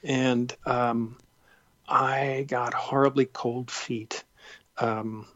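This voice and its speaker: A man, a guest actor, telling stories in an interview, warm and self-deprecating, halting with fillers. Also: medium pitch, flat delivery, dry recording, muffled recording. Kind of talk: interview, storytelling.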